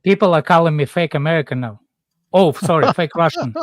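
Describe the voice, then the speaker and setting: Halting male panelist, fairly high voice, dry close sound. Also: dry recording. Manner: insistent, searching for words. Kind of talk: casual chat.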